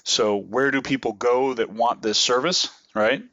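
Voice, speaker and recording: A man's voice: mid-range voice, a little slow, a bit bright, dry recording, dull audio. A man co-hosting a casual podcast, explaining at length with many restarts. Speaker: podcast co-host.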